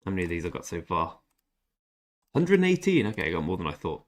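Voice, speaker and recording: A man's voice: low voice, very animated, quick pace. A young British man streaming a game, chatting casually with viewers by name and giving blunt opinions with mild swearing. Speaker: gaming streamer. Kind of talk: casual livestream chat while playing.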